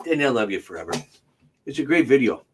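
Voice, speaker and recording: A man's voice: medium pitch, very animated, quick pace, a little hiss or hum. A man hosting a casual livestream chat, joking and chatty and laughing often. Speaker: host.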